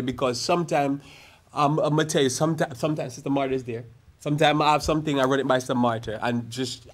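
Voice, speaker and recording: A man preaching a sermon as a pastor, speaking casually with stories and slow, stretched emphasis on key phrases. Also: on the high side. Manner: conversational preaching with church storytelling asides. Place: church sanctuary.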